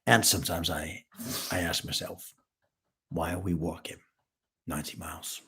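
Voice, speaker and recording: An English man putting on a deep, slow mock-American accent during a casual livestream. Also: steady tone, pushed and bright, slightly rough, heavily acted. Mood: mock serious. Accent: mock American put on by an Englishman. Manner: slow, low, mumbled impression. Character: deep-voiced American man, put-on drawl.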